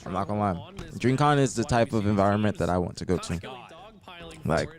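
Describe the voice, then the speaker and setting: A man's voice: fairly low pitch, animated, a little fast, a crowd in the background. A man co-hosting a stream in casual chat, laid-back and slangy, often repeating himself. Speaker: co-host.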